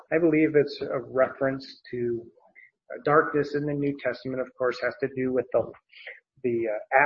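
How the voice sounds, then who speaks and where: A man teaching through a Bible passage verse by verse, pausing on word meanings, with frequent fillers and restarts. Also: medium pitch, highs cut off.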